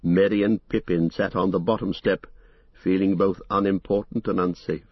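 Man narrating a fantasy audiobook, low raspy voice, steady reading, dull dry recording. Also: moderate pace, no room sound.

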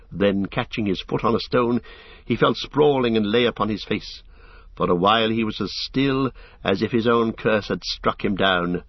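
A man reading an audiobook as narrator, in measured, even storytelling. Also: fairly low pitch, no room sound. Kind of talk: scripted narration. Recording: slightly dull lo-fi recording.

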